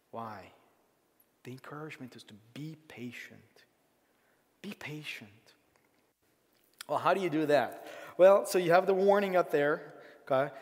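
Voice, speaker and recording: A male pastor preaching a conversational, animated sermon, often acting out the voices of grumbling people. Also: a little high. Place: church sanctuary. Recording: long hall reverb.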